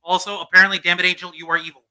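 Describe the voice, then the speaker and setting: Brief: teasing male co-host, high voice, very bright tone. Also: level tone, low-quality recording. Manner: teasing, quick remarks. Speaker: podcast co-host. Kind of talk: casual live-stream chat.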